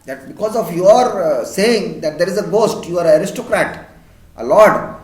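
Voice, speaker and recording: A man's voice: high voice, lively intonation, moderate pace, reverberant, rough recording. A man teaching an English literature class, reading a story aloud and explaining it in simple words.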